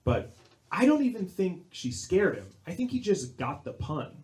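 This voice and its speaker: A young man doing a stand-up comedy set on a club stage, telling stories deadpan and bursting into loud acted-out quotes. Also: high-pitched, normal speed. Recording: live club recording, audible crowd noise.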